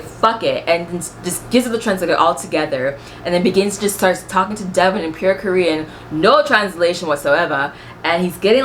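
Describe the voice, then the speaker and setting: A woman's voice: sits low, fairly bright tone, a little hiss or hum. A woman vlogger giving a blunt, profane, sassy recap of a reality show in casual chat.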